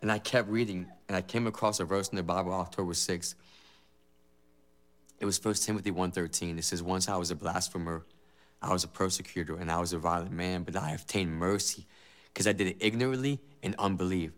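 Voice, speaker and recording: A man's voice: deep voice, steady tone, fairly quick. A man giving a personal faith testimony as a former gang member, emotional and earnest, with many repeated phrases. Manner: emotional, repetitive, earnest storytelling.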